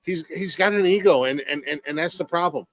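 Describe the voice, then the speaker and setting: A man on a podcast vents about sports in a profane, heated way, tripping over repeated restarts. His voice sits a bit high. The sound is dry and close. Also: brisk, no echo. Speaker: podcast co-host. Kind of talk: casual sports chat.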